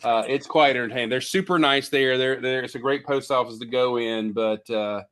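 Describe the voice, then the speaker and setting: A man's voice: medium pitch, fairly even intonation, moderate pace, a bit bright. Guy co-hosting a chat, jokey, rambling, lots of uhs. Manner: rambling, joking, many fillers. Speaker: podcast co-host. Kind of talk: casual chat.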